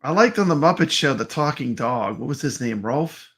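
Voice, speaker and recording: A man's voice: mid-range voice, animated, moderate pace, a bit bright. A man co-hosting a live stream, chatting casually and greeting viewers by name in an upbeat way. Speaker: co-host of a live stream show.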